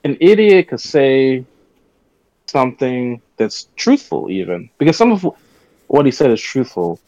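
A man co-hosting a casual podcast chat, rambling and animated as he goes off on rants. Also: medium pitch, unhurried, no echo. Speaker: podcast co-host. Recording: dull lo-fi podcast audio.

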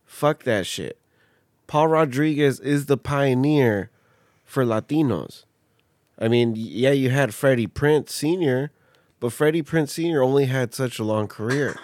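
A man in a loose, joking chat who swears freely and keeps the talk rolling. His voice sits at an ordinary pitch. The recording is close and dry. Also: measured pace, a little mellow, dry recording. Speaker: podcast co-host. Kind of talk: casual profane chat.

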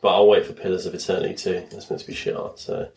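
A man on a casual gaming podcast, chatty and quick to explain how a game works. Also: deep voice, level tone, darkish tone. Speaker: podcast co-host.

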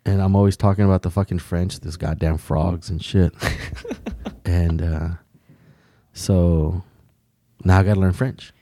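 A man's voice: deep voice, steady tone, unhurried, pauses often, warm tone, dry recording, studio quality. A man in casual conversation, rambling with frequent restarts and casual swearing. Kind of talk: casual chat.

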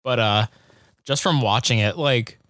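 A man's voice: medium pitch, unhurried, a bit bright, dry recording. Chill podcast guy, rambles with lots of likes and ums, close dry mic. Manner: laid-back, rambling, lots of fillers. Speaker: podcast co-host. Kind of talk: casual chat.

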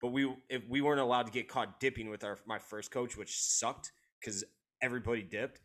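A man's voice: mid-range voice, steady tone, brisk, a bit bright. A man who played college baseball, chatting candidly and a bit ramblingly, with some swearing. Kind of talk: casual chat.

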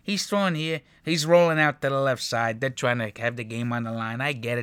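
A man breaking down football highlights in a casual, profane, exasperated rant. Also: normal speed, a bit bright, no echo. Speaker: sports commentator reacting to highlights.

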